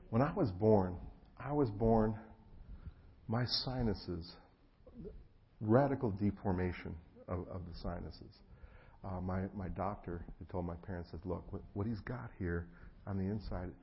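Gravelly storytelling pastor, muffled recording. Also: male voice, low-pitched, a little hiss or hum. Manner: storytelling, acts out voices, laughs, swings from hushed to loud. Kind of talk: sermon with personal stories. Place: church hall before an audience.

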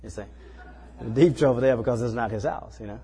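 A man with a husky, slightly breathy voice delivers a sermon in a folksy, conversational way, often tossing in "you know" and "you see." His voice carries a long hall reverb, as if heard through a church sanctuary. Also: medium pitch, brisk, dark tone. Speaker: preacher. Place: small church.

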